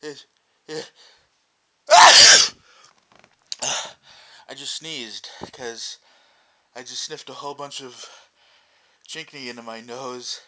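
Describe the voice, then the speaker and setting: A man's voice: mid-range voice, steady tone, unhurried, bright, forceful tone. A man with a runny, itchy nose, casually narrating his own sneezing in a vlog. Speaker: vlogger. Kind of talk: casual vlog talk to camera.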